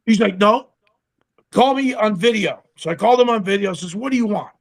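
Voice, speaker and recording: Gravelly high-voiced man telling stories. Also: a little fast. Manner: animated storyteller who acts out quoted dialogue, salty language. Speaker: guest, pickle company co-founder. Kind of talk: casual storytelling interview.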